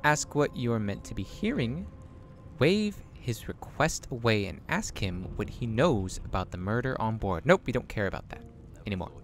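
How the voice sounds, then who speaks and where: A man's voice: mid-range voice, big pitch swings, moderate pace, slight background noise. A young man casually commenting while playing a game, joking and reading choices aloud. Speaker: let's play host.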